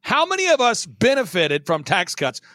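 An energetic male guest on a talk show who talks emphatically and drives his points home by repeating them. His voice sits high and moves in wide, animated swings. The sound is dry and close. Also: dry recording. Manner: emphatic, repetitive, fast-driving.

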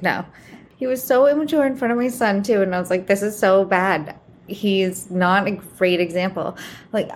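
A woman in her thirties talks into a podcast mic in a loose, casual monologue. Her voice sits in an ordinary middle pitch, but she leaps up sharply when something shocks her. She is frank and unfiltered, and she swears freely. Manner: candid, blunt and frequently swearing, animated with big pitch jumps. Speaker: podcast host.

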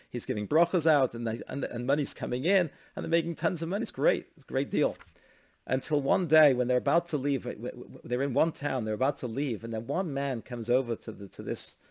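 A man giving a storytelling holiday sermon in a loose, conversational way. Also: medium pitch. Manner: conversational, many restarts, rising to emphatic blessing.

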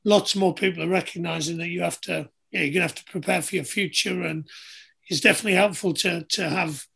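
A man's voice: sits high, steady tone, fast, gravelly, pushed and bright, breathy edge. A man, hosting an easygoing casual chat. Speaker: podcast host, former rugby player.

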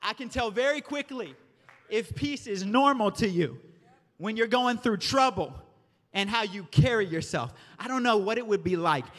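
Preacher, male, from the South, bright high voice, animated sermon storytelling, echoing hall. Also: moderate pace. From American South. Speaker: pastor. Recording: reverberant hall.

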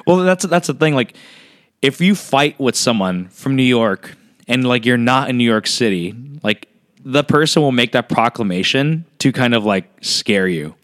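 A man co-hosting a casual chat, talking fast with lots of fillers, swearing, joking and acting out quotes. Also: mid-range voice. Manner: animated, filler-heavy, swears and jokes, acts out quotes. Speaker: podcast co-host.

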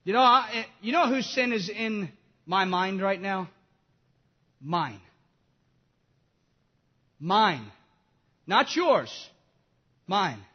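A man preaches with great passion, his voice pitched unusually high as he moves from urgent appeals to low, hushed confessions. The recording is dull and lo-fi, and it rings with a long hall reverb. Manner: impassioned preaching, swinging from loud to hushed. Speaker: pastor. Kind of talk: sermon.

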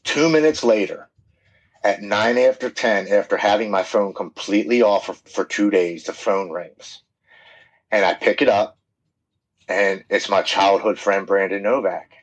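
A man's voice: fairly low pitch, measured pace, slightly rough, rough recording. A man guest on a podcast telling his personal story in a candid, plain-spoken way, often restarting his sentences.

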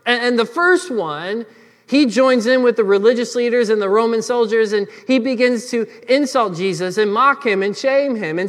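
High-voiced man preaching a sermon. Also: moderate pace, fairly bright tone. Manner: earnest, explanatory, addresses the congregation directly. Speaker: pastor. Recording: long hall reverb.

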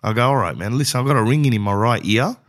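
A man's voice: medium pitch, expressive, quick pace. A middle-aged man telling a rambling comic story, acting out both sides of the dialogue and saying "bro" a lot. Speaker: comedian.

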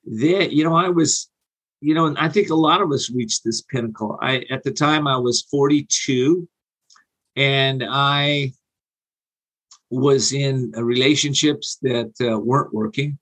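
A man in his forties telling a personal recovery story in a halting, earnest way, with many fillers and restarts. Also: mid-range voice, a bit bright, rough recording. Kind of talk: personal storytelling on an interview show.

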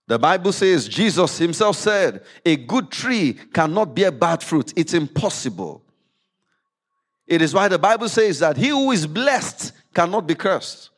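Male pastor, slightly high voice, very animated pitch, sermon delivery that swings between emphatic reading and low explanation. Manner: reads scripture aloud with rising emphasis, then drops low to explain. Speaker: preacher. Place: church service.

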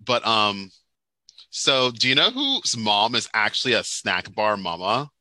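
Bright-voiced man in casual chat. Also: on the low side, a little slow, no room sound, low-quality recording. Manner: animated, teasing, rambling with fillers. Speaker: podcast co-host.

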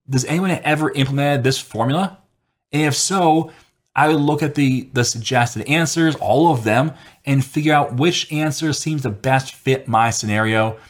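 A man who works as a software developer, giving casual, conversational advice on technical interviews, rambling a little and acting out quotes. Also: medium pitch.

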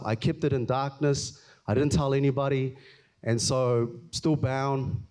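A man giving an earnest, emotional personal testimony in church, often halting and repeating himself. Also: mid-range voice, steady tone, darkish tone. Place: church hall.

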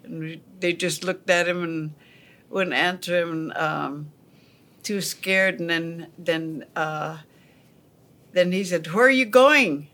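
A woman telling a family story in a podcast, halting, with many pauses and fillers. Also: on the low side, flat delivery, fairly bright tone.

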